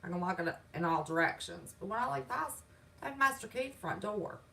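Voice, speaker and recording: Sassy Southern woman hosting a home livestream, folksy and defiant, pitch swings a lot. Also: lively intonation, fast talker, gravelly, sharp tone, far from the mic, rough recording. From West Virginia. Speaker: channel host. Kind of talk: livestream chat reading comments. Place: home, indoors.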